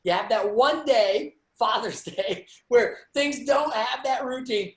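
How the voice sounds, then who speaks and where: A man giving an energetic motivational talk as host of a real estate webinar, telling stories from his own life. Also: very high voice, slow pace, echoey room. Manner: energetic, storytelling. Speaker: real estate sales leader hosting a webinar.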